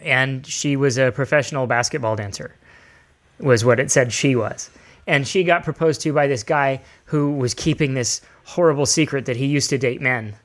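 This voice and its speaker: A man's voice: medium pitch, normal speed, a bit bright. A young man in casual chat, blunt and crude, retelling a show with quoted voices.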